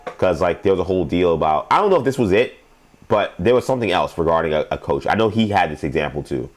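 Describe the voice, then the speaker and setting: A man's voice: low-pitched, expressive, fast talker. A young adult man hosting a sports show, giving rambling, emphatic commentary and laughing at his own stories.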